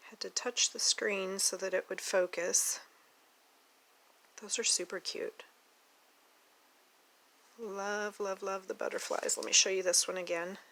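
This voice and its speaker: Slow, gravelly-voiced woman with an Oklahoma accent. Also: medium pitch, little pitch movement, a bit bright, rough recording. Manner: chatty, gushing, talks to her dog. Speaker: doll collector vlogger. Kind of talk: casual unboxing vlog. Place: home, at a table.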